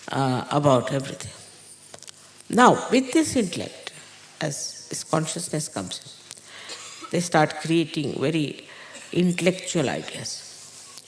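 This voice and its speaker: A woman spiritual teacher giving an unhurried, halting spiritual talk to followers, with pauses and fillers. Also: lowish voice, darkish tone, a little hiss or hum. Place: large indoor gathering hall. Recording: echoey hall recording.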